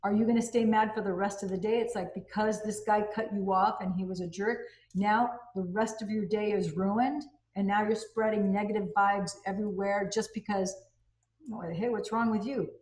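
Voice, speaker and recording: A woman hosting a casual talk about self-help, animated and acting out quoted phrases. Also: medium pitch, moderate pace, few pauses. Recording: echoey room.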